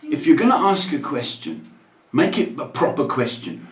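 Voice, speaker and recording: A man from England hosting a livestream, telling comic stories in an exasperated, animated rant that bursts out loud. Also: mid-range voice, moderate pace, echoey room. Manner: exasperated, animated ranting with sudden loud outbursts. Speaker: livestream host. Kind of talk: comedic storytelling rant.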